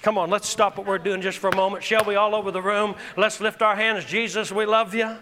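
A man's high voice fills a church sanctuary at normal speed as he, the pastor, preaches fervently and rises to shouts. He leads the congregation in call-and-response, and the recording has a big-room sound.

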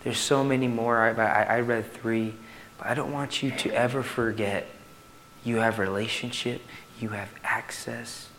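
A male pastor preaching a sermon to his church in an animated way, swinging from loud to hushed. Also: medium pitch, unhurried, slight background noise.

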